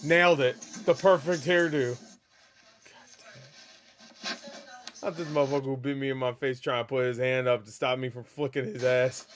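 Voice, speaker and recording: A woman hosting a meme reaction video, cursing freely, laughing loudly and yelling back at the clips. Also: rumbling low, steady tone, moderate pace, pauses often, soft background music. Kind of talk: casual meme reaction commentary.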